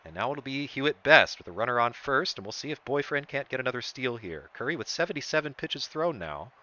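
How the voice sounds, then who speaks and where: A man streaming a baseball video game calls the action like a sports broadcaster, his medium-pitched, sing-song voice fairly quick, pushed and bright, and jumping up on big plays. The recording is muffled.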